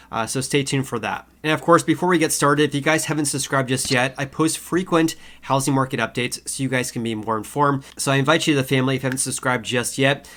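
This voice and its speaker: A man hosting his own explainer video, his voice nasal and stuffy from a cold. He talks casually at a middling pitch, fills gaps with "uh" and repeats his key points for emphasis. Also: fairly bright tone. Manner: frequent uh fillers, repeats key figures. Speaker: housing market video host. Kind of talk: casual explainer talk to camera.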